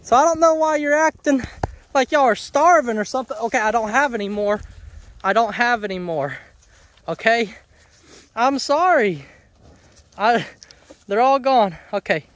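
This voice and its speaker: Male homesteader, very high pitch, chatty and joking with his animals outside. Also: moderate pace, pauses often, a bit bright. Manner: playful, chatty, teasing. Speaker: homestead vlogger. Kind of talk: casual vlog, talking to farm animals. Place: outdoor farm pasture.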